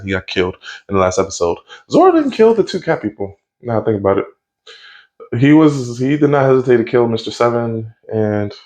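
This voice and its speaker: A man giving a casual spoken review of a TV episode, easygoing and rambling, with lots of fillers and restarts. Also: fairly low pitch. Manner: rambling, with frequent fillers and self-corrections; easygoing and conversational.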